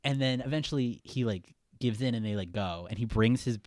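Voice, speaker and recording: A man's voice: medium pitch, a little fast, no echo, clean studio sound. A young man casually talking through a film as a podcast co-host, rambling with many fillers. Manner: relaxed, rambling, lots of fillers. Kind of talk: casual movie discussion.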